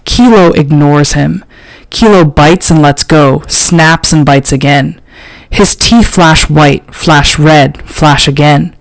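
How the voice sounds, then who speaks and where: A woman narrating an audiobook in a slow, measured, literary reading. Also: sits low, dry recording, poor audio. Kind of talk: scripted narration.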